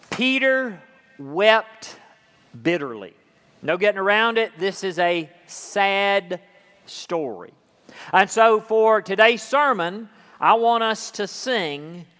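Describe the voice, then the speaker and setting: Slow-spoken high-voiced pastor, church reverb. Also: male voice, bright, forceful tone. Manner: dramatic scripture reading, then coaching a congregation to sing. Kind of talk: sermon. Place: church sanctuary. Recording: long hall reverb.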